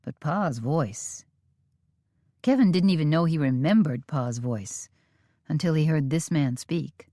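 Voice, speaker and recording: A woman reading a western romance audiobook in measured, steady storytelling. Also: sits low, no echo, clean studio sound. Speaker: audiobook narrator. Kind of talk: scripted audiobook narration.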